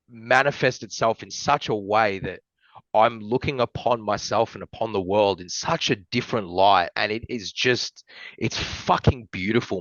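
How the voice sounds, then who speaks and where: Man from Australia, podcast guest, rambly and heartfelt with fillers and swearing; low voice, dry muffled sound. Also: a bit bright, dry recording. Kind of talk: casual chat.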